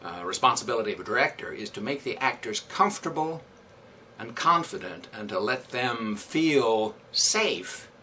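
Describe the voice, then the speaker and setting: A man's voice: medium pitch, pushed and bright, far from the mic, a little hiss or hum. A man directing community theatre, answering interview questions thoughtfully with many fillers and restarts.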